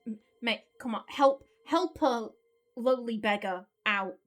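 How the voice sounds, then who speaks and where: A woman's voice: fairly high pitch, takes it slowly, fairly bright tone, soft background music. A woman hosting a game let's play, joking and chatty, swearing casually.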